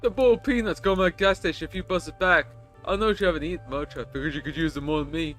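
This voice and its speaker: A game streamer reading the lines of a chatty, rough male stranger on a bus, telling crude stories in a rambling way. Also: medium pitch, fast talker, fairly bright tone, faint music behind, lightly acted.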